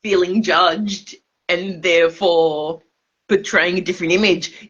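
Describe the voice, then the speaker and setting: A woman's voice: fairly low pitch, fairly even intonation, measured pace, a bit bright, breathy edge. A drunk woman, rambling and swearing emphatically on a livestream, stumbling over her words.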